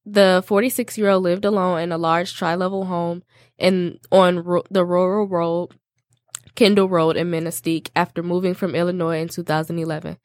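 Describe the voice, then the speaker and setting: Laid-back young woman, low voice. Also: flat delivery, moderate pace, dry recording, studio quality. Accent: Michigan. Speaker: podcast host and case narrator. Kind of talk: casual chat and reading a crime case.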